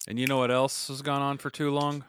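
A man's voice: medium pitch, level tone, fairly quick, fairly bright tone, slight background noise. A man co-hosting a podcast, cracking jokes in casual chat. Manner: wisecracking. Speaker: podcast co-host.

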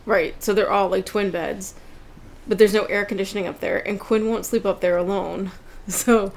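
Gravelly-voiced woman, chatty and laughing. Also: medium pitch, fairly even intonation, normal speed. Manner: chatty, laughs through her sentences. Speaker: podcast guest, mother. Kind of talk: casual chat.

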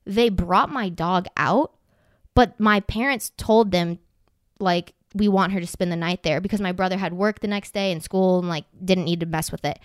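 With a fairly low voice and a moderate pace, a young woman tells a funny story during casual chat, animated throughout, swearing freely and filling her speech with "like." The sound is studio quality with no echo.

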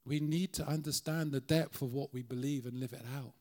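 A man's voice: mid-range voice, steady tone, fairly quick, darkish tone. A middle-aged Irish man preaching as a guest speaker in a church, earnest and conversational, often restarting his sentences. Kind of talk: sermon.

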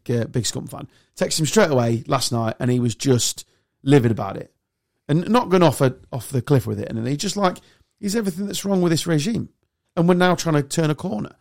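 A man's voice: on the high side, vocal fry. A man hosting a podcast, ranting and joking casually with friends. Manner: animated ranting, swearing and laughing. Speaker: podcast host.

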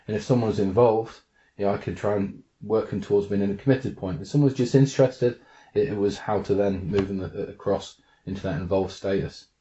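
A man's voice: lowish voice, a little fast, mellow, a little hiss or hum. A man who works as a coach, thoughtfully explaining his approach in an interview, repeating words as he thinks. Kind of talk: reflective interview answer. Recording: dull lo-fi sound.

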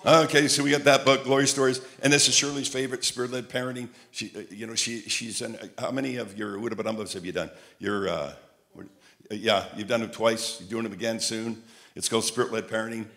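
A man preaching a sermon, telling lively stories and repeating phrases like a chant. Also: on the low side, fast. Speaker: traveling preacher. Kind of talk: sermon with storytelling.

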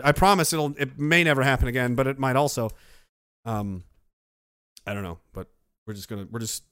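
A man's voice: on the high side, a bit bright, clear, resonant tone, no echo, clean studio sound. A man from Canada hosting a livestream. He reads viewer donations and rants in a sarcastic, rambling way, laughing often. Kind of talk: casual rant and chat. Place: indoors.

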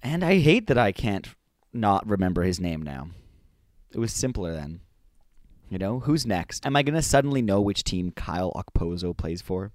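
A man's voice: deep voice, very animated, moderate pace, darkish tone, dry recording, clean studio sound. A man from Canada co-hosting a comedic sports podcast, bantering playfully. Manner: playful, bantering, swooping delivery. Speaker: podcast co-host.

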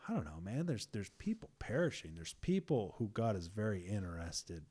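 A young man with a somewhat low voice talks through faith ideas in a relaxed, conversational way. He is earnest and emphatic, circling back and repeating words as he builds toward his point. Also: fairly quick, husky.

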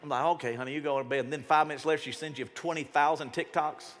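A man preaches from a stage mic in a church auditorium, his voice high and bright. He talks casually and with lots of life, often putting on other people's voices. Long reverb trails off each phrase. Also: fairly even intonation, fast, a little hiss or hum. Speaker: pastor. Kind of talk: sermon.

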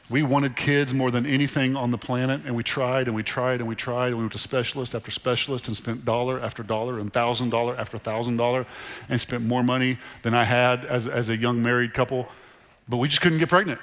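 A middle-aged man preaching a sermon to a church congregation in a conversational, animated way, repeating phrases for emphasis. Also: mid-range voice. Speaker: pastor. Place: church sanctuary. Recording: long reverb of a large hall. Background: congregation in the room.

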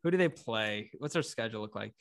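A man hosting a casual sports chat, talking through his picks with friends, easily excited and quick to laugh. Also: on the low side, gravelly. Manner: excitable, laughs, mock British accent briefly. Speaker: podcast host.

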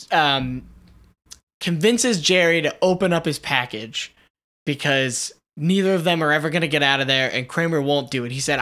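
A man co-hosting a podcast, animatedly retelling a story in a casual way, with many fillers and quick asides. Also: mid-range voice, pushed and bright. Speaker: podcast co-host. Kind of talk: casual retelling of a pitched TV episode.

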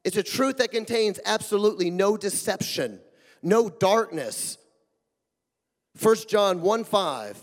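A man preaching a sermon as pastor, emphatic and full of rhetorical questions, swinging between loud and hushed. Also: high voice, lively intonation, slow pace. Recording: long hall reverb.

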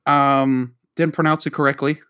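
A man's voice: medium pitch, level tone, normal speed, a bit bright, smooth. A man from the Boston area, co-hosting a podcast and telling a long rambling story, acting out the dialogue he quotes. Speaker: podcast co-host. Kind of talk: casual storytelling.

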